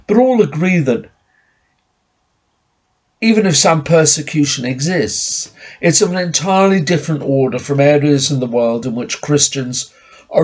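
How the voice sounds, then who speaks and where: A man preaching a formal, measured sermon to his congregation. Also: a little high, slightly rough.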